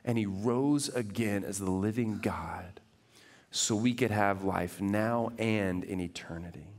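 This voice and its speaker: Man preaching an animated sermon. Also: fairly low pitch, measured pace, big-room sound. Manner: animated, swings from loud to hushed. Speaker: pastor. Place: church sanctuary.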